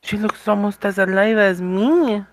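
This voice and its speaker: A woman's voice: mid-range voice, unhurried, no echo, close to an everyday voice. A woman voicing a teasing, formal Spanish woman at a night court, with a Spanish accent and slightly broken phrasing. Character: warm, teasing Spanish woman, old-world vampire courtier.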